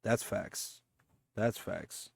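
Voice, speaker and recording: A man's voice: very slow, no room sound. A laid-back man hosting a casual reaction video, often repeating himself and chuckling. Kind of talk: casual chat.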